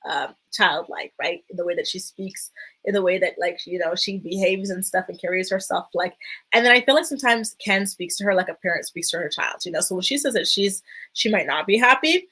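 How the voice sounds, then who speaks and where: A woman's voice: mid-range voice, fairly quick, bright, forceful tone, husky, low-quality recording. A woman hosting a casual reality-show recap, chatty and full of fillers. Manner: chatty, many fillers, dips into quoted voices. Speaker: recap vlogger.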